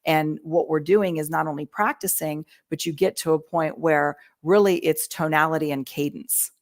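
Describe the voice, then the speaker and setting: A woman talking through communication skills on a podcast, teaching in a lively way and acting out quoted lines. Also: sits low, moderate pace. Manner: animated teaching, acts out quoted voices. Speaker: real estate agent. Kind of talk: podcast conversation, coaching.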